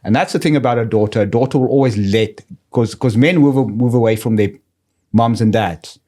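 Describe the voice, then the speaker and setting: A man with a mid-range voice shares family anecdotes on a casual podcast. He talks in a relaxed way and laughs easily. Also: mid-range voice, fairly quick. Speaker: podcast co-host. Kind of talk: casual chat.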